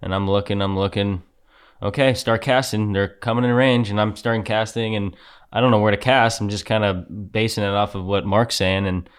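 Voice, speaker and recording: A man's voice: lowish voice, fairly even intonation, normal speed, clean tone. A man, the guest's son, animatedly retelling a fishing trip in casual conversation. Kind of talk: casual storytelling.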